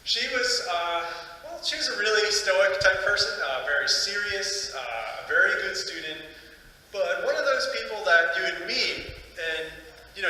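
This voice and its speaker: Bright-voiced preacher in an echoing church. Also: male voice, a little high, slight background noise. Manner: casual and chatty, with many fillers. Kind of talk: scripture reading then sermon storytelling. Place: church sanctuary. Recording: echoey church hall from far off.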